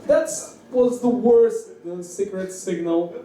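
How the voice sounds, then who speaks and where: A Russian-accented man works through a stand-up set, stumbling and restarting his phrases with little giggles in between. His fairly high voice rings through a very echoey room, picked up from some distance with a faint hiss underneath. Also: takes it slowly, mellow. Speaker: stand-up comedian. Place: comedy club open-mic stage.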